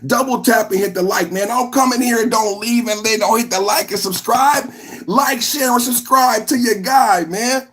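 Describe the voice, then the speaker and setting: High-voiced ranting male podcast host. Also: moderate pace, a bit bright. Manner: combative, ranting, rhetorical questions. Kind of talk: live political reaction, reading chat comments.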